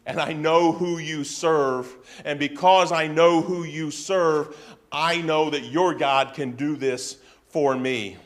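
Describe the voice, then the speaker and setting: A worried woman pleads earnestly for her family's lives, acted out by a male preacher in his own voice. The delivery is slow and slightly raised, as in a retold scripture story. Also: a little high, steady tone, pitched above the performer's own voice. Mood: earnest pleading.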